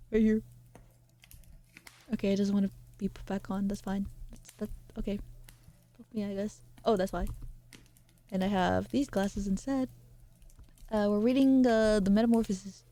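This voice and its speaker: A woman's voice: medium pitch, fairly even intonation, normal speed, long pauses, warm tone. A young woman streamer reading a novel aloud and chatting with her viewers, with rambling, apologetic asides.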